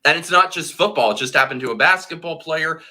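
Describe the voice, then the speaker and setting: A man's voice: on the high side, quick pace, sharp tone. A tipsy man hosting a casual livestream chat, blunt and heated, swearing freely. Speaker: host.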